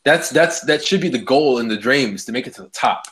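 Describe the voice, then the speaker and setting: A man's voice: mid-range voice, animated, fairly quick, a bit bright. A man co-hosting a casual podcast, ranting heatedly with lots of swearing. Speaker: podcast co-host. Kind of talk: casual wrestling chat.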